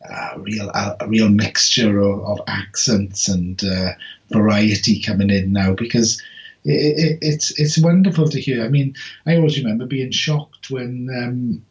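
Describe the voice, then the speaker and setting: A man's voice: on the low side, a little slow, muffled recording. A man co-hosting a podcast in casual chat, rambling with many fillers and restarts. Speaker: podcast co-host.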